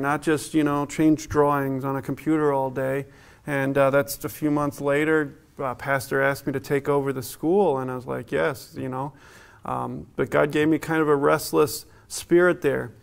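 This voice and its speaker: A man's voice: a little high, vocal fry. A middle-aged man preaching a sermon as a pastor in a church, in a conversational way, laughing often and acting out what people say.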